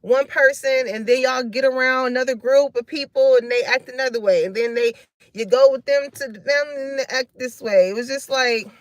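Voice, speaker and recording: A woman's voice: sits high, moderate pace, dry recording. Laughing, slangy woman giving a live reading. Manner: loose, slangy and frank, laughing often, cussing freely. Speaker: tarot reader. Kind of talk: live reading chatting with viewers.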